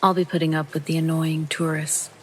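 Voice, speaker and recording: A man narrating a true first-person horror story in a calm, steady storytelling read, with rain behind him. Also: fairly high pitch, brisk, slight background noise, poor audio. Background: rain sounds.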